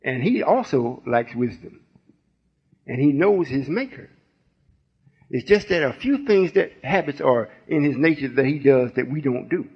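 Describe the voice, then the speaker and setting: A man's voice: mid-range voice, lively intonation, a little slow, husky. A man in his late sixties giving a folksy, rambling sermon-style teaching and checking in with listeners. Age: 60s. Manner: folksy, rambling, call-and-response. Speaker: spiritual teacher. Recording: muffled lo-fi recording.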